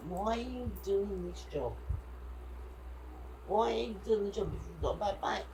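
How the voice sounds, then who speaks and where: A woman's voice: lowish voice, expressive, unhurried, long pauses, warm tone, slight background noise, rough recording. A woman telling a travel story in a casual vlog chat, quoting people as she goes. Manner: chatty, indignant retelling with quoted dialogue. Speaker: vlogger.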